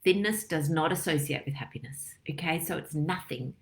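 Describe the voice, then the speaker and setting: Chatty middle-aged woman doctor, low voice. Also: normal speed. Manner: lively, chatty, acts out little dialogues and analogies. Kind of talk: casual health talk to camera.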